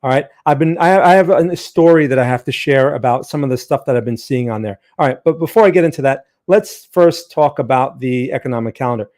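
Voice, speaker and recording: A man's voice: medium pitch, fairly quick, hardly any pauses, darkish tone. A man hosting a live trading stream, chatting casually, greeting viewers by name, with frequent fillers and restarts.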